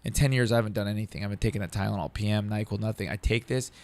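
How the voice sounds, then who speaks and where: A man in his thirties, a comedian, telling a story in casual talk, profane and animated, acting out what others said. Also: fairly low pitch, very fast. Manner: animated, profane, acts out quoted dialogue. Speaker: comedian guest.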